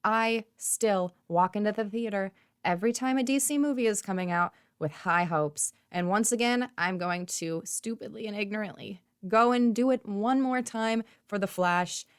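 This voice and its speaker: A woman vlogging about upcoming movies in a casual, gushing and animated way, with sarcastic asides. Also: medium pitch, moderate pace, clean tone, no room sound, clean studio sound. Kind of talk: casual chat.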